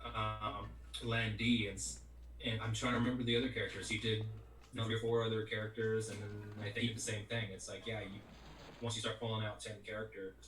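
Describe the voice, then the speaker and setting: A middle-aged voice actor being interviewed talks fairly quickly in a fairly low, slightly bright voice with a flat delivery. He rambles casually, repeating "you know what I mean," and the audio is echoey, distant-miked and carries faint music.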